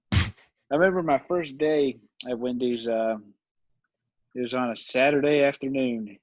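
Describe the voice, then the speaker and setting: A man's voice: mid-range voice, a little slow, long pauses, no room sound. Twenty-something guy rambling thru stories, laughs a lot, dull dry lo-fi sound. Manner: rambling, laughs often, lots of fillers. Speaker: podcast guest. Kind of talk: casual storytelling chat.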